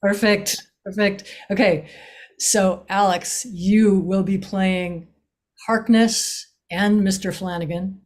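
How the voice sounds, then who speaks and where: A woman's voice: medium pitch, fairly even intonation, slow, a little mellow. A woman, a playwright, assigning roles over a video call, hesitant with many ums. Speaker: playwright casting readers. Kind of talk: casual chat on a video call.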